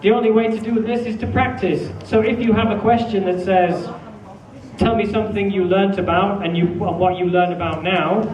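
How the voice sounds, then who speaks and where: A man teaching a classroom lesson, lively, acting out sample answers with exaggerated feeling. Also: sits high, normal speed, few pauses, distant mic. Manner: animated, acts out student answers with exaggerated feeling. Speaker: English teacher. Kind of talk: classroom lecture. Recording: echoey room, mic from afar, faint noise.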